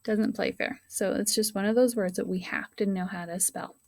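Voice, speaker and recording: A woman teacher modeling a writing lesson for young children, talking slowly and sounding out words and counting aloud. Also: medium pitch, fairly even intonation, vocal fry, a little mellow, dry recording.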